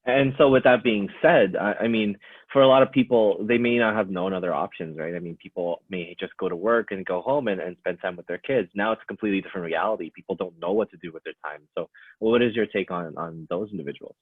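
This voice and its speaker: A man hosting an interview rushes through his long questions, padding them with fillers. His voice is very deep and a little husky. The sound is dry and thin, like a phone line. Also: no room sound. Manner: fast, filler-heavy questioning. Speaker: host.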